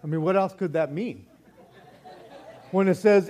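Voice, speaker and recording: An older man preaching a sermon in a lively, joking way, often restarting his words. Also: sits high, measured pace, pauses often. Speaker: pastor.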